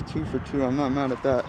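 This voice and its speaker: Excited angler shouting over outdoor noise. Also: male voice, mid-range voice. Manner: energetic, exclaiming, breathless bursts. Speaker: fishing video host. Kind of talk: excited outdoor fishing vlog chatter. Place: outdoors on a bridge over the water. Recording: outdoor wind and water noise.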